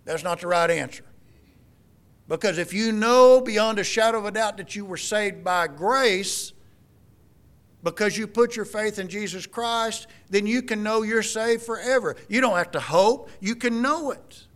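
A man's voice: sits high, unhurried, a bit bright. A middle-aged man preaching a sermon, quoting scripture in an emphatic, folksy way. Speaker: pastor.

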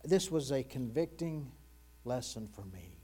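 An earnest male pastor delivers a sermon with a mellow, warm tone, questioning his congregation directly. When he quotes verses he slows and sinks into a hushed near-whisper. A low mains hum runs under the recording. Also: big pitch swings, slightly rough.

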